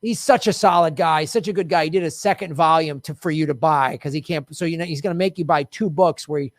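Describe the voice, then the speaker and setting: A man's voice: fairly high pitch, fast talker, dry recording, clean studio sound. A middle-aged man hosting a casual political commentary show, heated and sarcastic, swearing freely.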